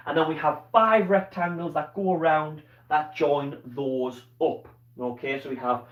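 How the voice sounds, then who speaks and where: A man with a Scottish accent teaching a live online maths lesson, explaining patiently step by step and checking in with "okay?". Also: a little high. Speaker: primary school teacher. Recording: dull, roomy sound from a distance.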